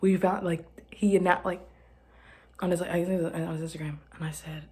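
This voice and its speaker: Young woman podcaster, light Southern accent, sleepy and rambling, lower voice, whispery asides. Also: brisk, pauses often, a little mellow. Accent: light Southern American. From Arkansas. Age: young adult. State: tired. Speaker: podcast host. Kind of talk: casual solo podcast rambling.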